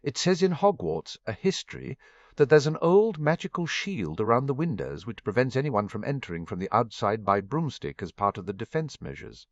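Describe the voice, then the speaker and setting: A man voicing an earnest, bookish teenage girl in a fan-fiction audiobook, talking in quick rushes. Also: mid-range voice, big pitch swings, no echo, pitched above the performer's own voice, close to an everyday voice. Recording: dull, muffled dry recording.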